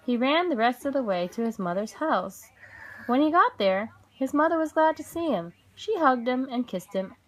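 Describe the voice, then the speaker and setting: A mother reading children's stories aloud at bedtime, gentle and expressive, with a rhythmic delivery. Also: high voice, moderate pace.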